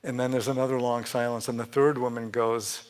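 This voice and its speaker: A man's voice: mid-range voice, flat delivery, a little fast. A man giving a conversational sermon in a church, chatty and joking, often restarting his sentences and laughing at his own jokes. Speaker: speaker giving a Sunday talk. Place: church sanctuary.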